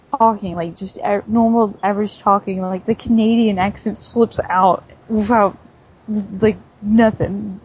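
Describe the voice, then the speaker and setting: A woman's voice: a little high, darkish tone, a little hiss or hum. A woman from the southern United States, a podcast guest in casual chat who rambles and laughs often. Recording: dull lo-fi audio.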